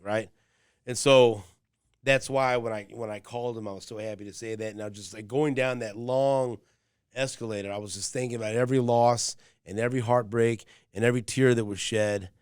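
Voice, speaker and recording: A man's voice: fairly low pitch, clear, resonant tone, no room sound, studio quality. A man co-hosting a podcast, telling stories casually and swearing a lot. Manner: swears constantly, storytelling. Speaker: radio show co-host.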